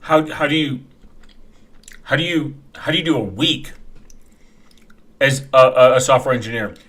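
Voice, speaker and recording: A man ranting as he reacts to videos, swearing and mocking, dropping to quiet mumbles and then bursting into loud shouts. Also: medium pitch, normal speed. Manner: angry, profane, mocking, breaks into sudden shouts; mumbles quietly while reading comments aloud.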